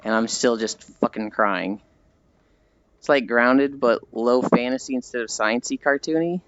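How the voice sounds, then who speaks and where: A man's voice: mid-range voice, unhurried, dry recording, lo-fi sound. A man streamer chatting casually with viewers while out walking, rambling and self-deprecating. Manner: rambling, self-deprecating, animated mock voices.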